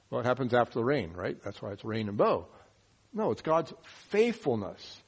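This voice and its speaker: A man preaching a sermon in a conversational way, asking the listeners rhetorical questions and swinging between quiet asides and loud, emphatic bursts. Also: mid-range voice, sing-song, brisk, slightly rough.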